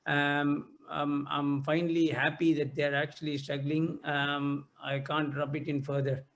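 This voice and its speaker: A man co-hosting a football podcast, talking casually with many hesitant pauses. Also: on the high side, level tone, vocal fry, a bit bright. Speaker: podcast co-host.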